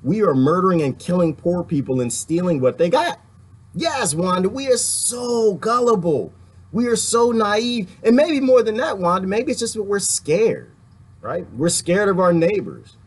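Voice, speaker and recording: A man's voice: high voice, animated, normal speed, breathy edge. A middle-aged man hosting casual commentary, laughing often and mocking others by putting on voices. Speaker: political commentary host. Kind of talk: casual live-stream commentary.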